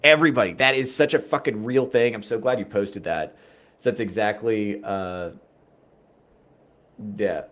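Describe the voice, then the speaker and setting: A man with a somewhat low voice talks loosely to his livestream audience, reading chat as he goes. He rambles, swears freely, and keeps a dry, wry edge. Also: measured pace, long pauses, fairly bright tone. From United States. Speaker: podcast host reading chat.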